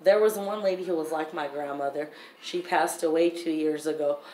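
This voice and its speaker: A woman's voice: sits low, steady tone, moderate pace, a little mellow. A woman vlogger telling her story in a blunt, heated, profane way. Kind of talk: storytime vlog. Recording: roomy echo, faint background noise.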